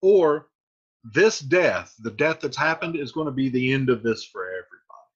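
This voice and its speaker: A man's voice: mid-range voice, lively intonation, normal speed, breathy edge. A man teaching a play, casually paraphrasing scenes with "he's like.". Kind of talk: explaining a play to students. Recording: dull lo-fi recording.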